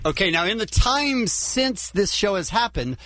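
A man co-hosting a casual chat, recapping a reality show in an animated storytelling way, laughing often. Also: sits high, a little slow, dry recording. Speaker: podcast co-host.

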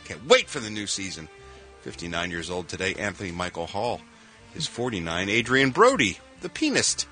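A man with a Philadelphia accent reads out showbiz news on a radio show, punning and laughing at his own jokes. His voice is bright and forceful. His pitch jumps around a lot. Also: big pitch swings, moderate pace, faint music behind.

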